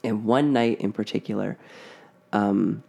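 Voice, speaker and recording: A man with a low, gravelly voice tells a spooky story in a loose, casual way. His dark, mellow tone is peppered with "like" and "uh" as he goes. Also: a little slow. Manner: relaxed, filler-heavy, frequent "like".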